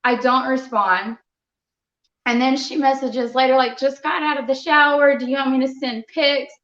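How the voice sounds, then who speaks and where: A young adult woman, a fighter being interviewed, telling a story in a lively, casual way and acting out what others said. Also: high voice, moderate pace. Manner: animated, quotes others in conversational retelling. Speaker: muay thai fighter, interview guest. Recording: roomy, slightly dull sound.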